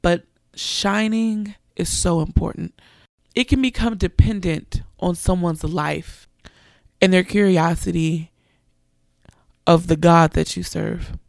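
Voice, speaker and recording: A woman's voice: lowish voice, fairly even intonation, slow pace, gravelly, a little mellow, no echo, studio quality. A young woman preacher, giving an earnest sermon testimony and animatedly quoting others.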